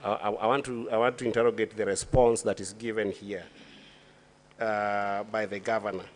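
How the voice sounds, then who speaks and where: With a lowish voice and little pitch movement, a Kenyan-accented man serves as a senator questioning a witness at a formal hearing. He speaks deliberately in the senate chamber, restarting often and using many fillers.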